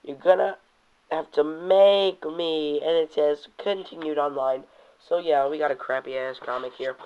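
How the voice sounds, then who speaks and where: A man's voice: fairly high pitch, sharp tone. A young man casually reviewing toys, rambling and cursing now and then, reading comic panels aloud in put-on voices. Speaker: toy reviewer. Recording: dull lo-fi home video audio.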